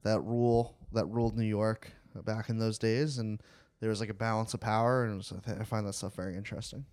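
A man's voice: fairly low pitch, flat delivery, fast talker, darkish tone. A young man co-hosting a podcast, talking in loose rambling sentences full of fillers. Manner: rambling, many fillers and restarts. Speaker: podcast co-host. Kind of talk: casual chat.

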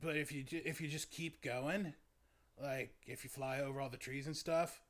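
A man's voice: fairly high pitch, fairly even intonation, a bit bright, close to an everyday voice. A man voicing a laid-back young male druid hermit who rambles and hesitates, full of "like" and "man". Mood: rambling. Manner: rambling, halting, lots of "like" and "man". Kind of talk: in-character tabletop role-play.

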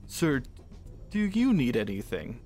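A man's voice: mid-range voice, sing-song, unhurried, darkish tone, soft background music. A man voicing a courteous male train attendant who speaks with formal politeness. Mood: polite.

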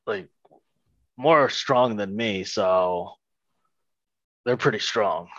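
A man playing a tabletop game who speaks in a hesitant, joking way, often halting mid-sentence. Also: lowish voice, a bit bright, dry recording, highs cut off. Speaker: player. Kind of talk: casual tabletop role-play.

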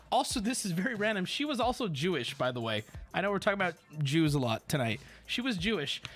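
A man in his thirties telling a rambling story as a streamer in casual chat, animated and profane. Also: high-pitched. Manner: rambling, animated, swears, acts out quotes.

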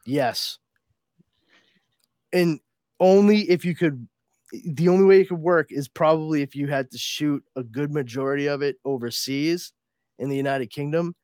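A man's voice: on the high side, moderate pace, pauses often, darkish tone, no room sound, studio quality. A man co-hosting a podcast in casual chat, talking eagerly and enthusiastically. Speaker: podcast co-host.

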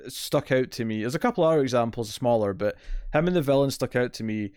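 A man's voice: mid-range voice, quick pace, a little mellow, clean tone, no room sound, clean studio sound. A Scottish man co-hosting a casual TV review podcast, blunt and opinionated in his complaints. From Scotland. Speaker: podcast co-host.

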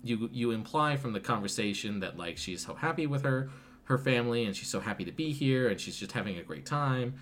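A man's voice: medium pitch, animated, a little fast, fairly bright tone, a little hiss or hum. A man casually retelling a film to a friend, rambling with lots of fillers and profanity. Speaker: podcast co-host recapping a film. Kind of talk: casual retelling with acted quotes.

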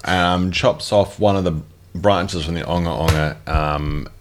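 A man speaking as a player in a tabletop game, laid-back and halting. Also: sits low, steady tone. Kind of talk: casual tabletop gaming.

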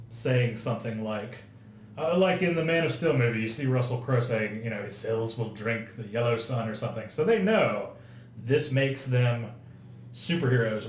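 A man's voice: medium pitch, expressive, moderate pace. A man co-hosting a casual comic book podcast, chatty and wondering aloud. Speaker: podcast co-host. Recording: echoey room, faint noise.

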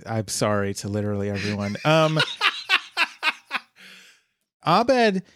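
A man's voice: on the low side, wildly swooping pitch, a bit bright, dry recording. Chatty male podcast co-host, dry close sound. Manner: chatty, halting, many restarts and fillers, laughs easily. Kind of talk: casual TV episode recap chat.

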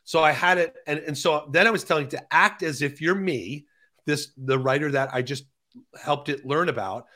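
A man co-hosting a conversational talk show, explaining ideas slowly and carefully with frequent restarts. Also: on the high side, sharp tone. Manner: talks slowly through key phrases, many restarts.

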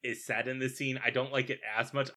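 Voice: mid-range voice, flat delivery, brisk, sharp tone. A podcast co-host giving wry, opinionated commentary while recapping a film in casual chat.

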